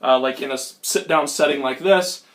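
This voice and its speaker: A man's voice: mid-range voice, normal speed, fairly bright tone. A young man from Minnesota who is getting over a cold and has a sore throat, telling a rambling, self-mocking comic magic story at home with many ums and uhs. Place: at home, indoors.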